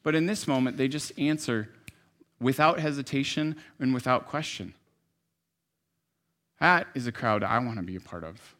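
A man preaching a sermon in a conversational, storytelling way, dropping to soft asides and rising to emphatic lines. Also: fairly high pitch. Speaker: pastor.

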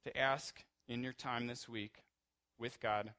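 A male pastor delivering a sermon, with passionate swings from quiet, low passages to loud, high-pitched peaks. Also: steady tone, slow.

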